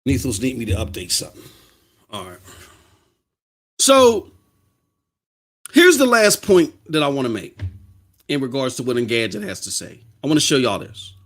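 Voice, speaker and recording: A man hosting a live-streamed podcast, talking straight to his viewers in an animated rant that often rises to yelling. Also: mid-range voice, moderate pace, long pauses. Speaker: podcast host.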